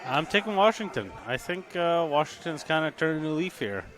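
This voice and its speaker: A man's voice: fairly high pitch, very animated, brisk. A man co-hosting a casual sports talk show from a bar and grill, hesitant and wry, often restarting his sentences. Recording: noisy crowd in a bar. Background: crowd chatter.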